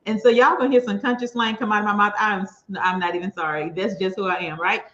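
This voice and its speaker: A woman's voice: medium pitch, fairly even intonation, fast talker, a bit bright. Enthusiastic Louisiana woman host on a lo-fi stream. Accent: Southern US, Louisiana. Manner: enthusiastic, folksy, frequent affirmations. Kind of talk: live-stream interview. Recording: echoey room, dull lo-fi sound.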